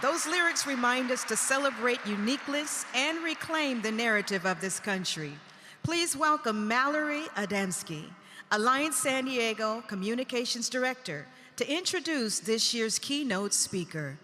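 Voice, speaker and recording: Woman emcee, measured scripted intros, hall reverb. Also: a little high, expressive, pushed and bright, slight background noise. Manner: measured formal reading. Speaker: event emcee. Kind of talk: scripted stage announcements. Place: event hall stage.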